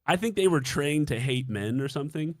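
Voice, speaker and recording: A man's voice: a little high, lively intonation, brisk, dry recording, studio quality. A young man casually telling a dating story on a stream, swearing freely and acting out his own reactions.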